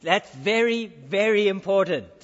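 High-voiced man preaching in a reverberant hall. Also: expressive, measured pace. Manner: emphatic, repeats key phrases. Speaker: pastor. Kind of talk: sermon. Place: church. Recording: dull recording with long hall reverb.

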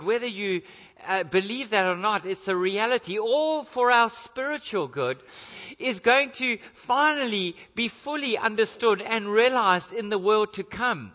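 A man's voice: high voice, pushed and bright, in a large hall, highs cut off. A man preaching a sermon, telling a story and then building to earnest emphasis.

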